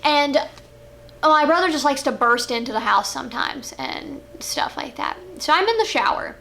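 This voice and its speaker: A young adult woman co-hosting a vlog, telling stories in an animated, chatty way. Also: high-pitched, moderate pace, vocal fry. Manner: animated, chatty, with fillers and giggles. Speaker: vlog co-host. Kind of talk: casual storytelling chat. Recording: faint background noise.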